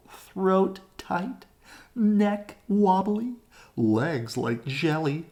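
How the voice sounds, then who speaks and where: A woman reads a children's picture book aloud in an expressive storytelling voice. Her voice sits very low, yet it rises and falls widely. She takes her time. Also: a little slow. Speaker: storybook reader. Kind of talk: children's read-aloud narration.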